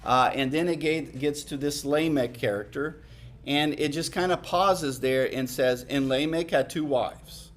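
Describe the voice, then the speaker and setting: Slow, emphatic man preaching a sermon. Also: fairly high pitch. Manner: conversational, emphatic repetitions, drops to quiet asides. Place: church hall.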